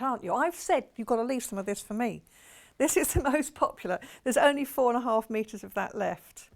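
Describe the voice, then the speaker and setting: A British woman with a slightly high, gravelly voice hosts a live shopping-channel broadcast. She's chatty and enthusiastic, gushing over every fabric as she sells on TV.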